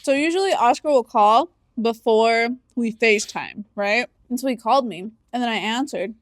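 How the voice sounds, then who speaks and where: A young woman with a high voice co-hosts a casual podcast, playful and amused by her own stories. She sounds close and dry on the mic. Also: moderate pace, dry recording. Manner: playful, giggly, self-amused. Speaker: podcast co-host. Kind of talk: casual chat.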